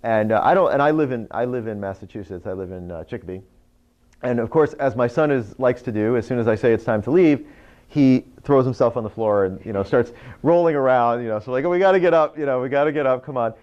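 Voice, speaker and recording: A man's voice: mid-range voice, fairly quick. A man who hosts an internet radio show, giving a live talk to a speakers' group and telling stories full of "you know" and "right?". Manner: animated storyteller, lots of "you know" and "right?". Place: meeting room. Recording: dull lo-fi recording.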